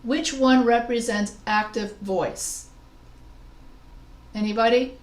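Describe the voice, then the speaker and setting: The writing instructor speaks on the high side with fairly even intonation in an echoey room. She leads an online grammar lesson, going step by step with examples and asking her students questions.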